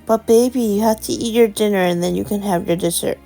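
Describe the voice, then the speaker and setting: A woman playing a patient young mother who talks to her small son in a soft, coaxing way. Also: medium pitch, a little fast, vocal fry, faint music behind. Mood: soothing.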